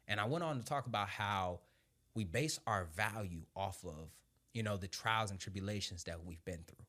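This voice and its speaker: A man in his thirties, a former Marine sergeant, telling his story in conversation with animated energy, frequent laughs and casual swearing. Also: lowish voice.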